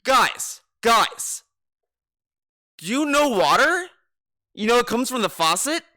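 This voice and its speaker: A man's voice: very high-pitched, big pitch swings, moderate pace, sharp tone, dry recording, studio quality. A man giving mocking reaction commentary on a clip, swearing and breaking into exaggerated impressions. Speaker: commentary streamer.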